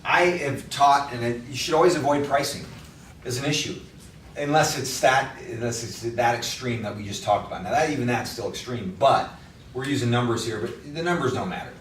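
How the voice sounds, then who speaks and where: A man's voice: mid-range voice, a little fast, a bit bright, a little hiss or hum. Male trainer at a workshop, plain straight talk, heard from across a reverberant room. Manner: blunt, conversational, coaching. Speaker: real estate trainer. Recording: echoey room from far off.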